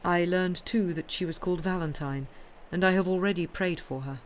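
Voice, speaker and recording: A woman voicing a calm, devout male priest with an Italian accent, speaking in a measured, earnest way. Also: lowish voice, a little hiss or hum, close to an everyday voice. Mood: solemn.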